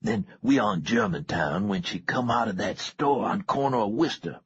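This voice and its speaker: A man doing a husky injured teenage gang boy. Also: on the low side, normal speed, dry recording, pitched above the performer's own voice. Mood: boastful. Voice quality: husky whisper, street slang. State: sore throat. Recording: dull lo-fi recording.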